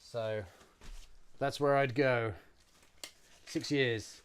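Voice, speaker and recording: A man's voice: mid-range voice, steady tone, extremely slow, slight background noise. A young man chatting casually on a live stream while building props, reading out chat and joking about his own mess. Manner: chatty, self-mocking, reads chat aloud and answers.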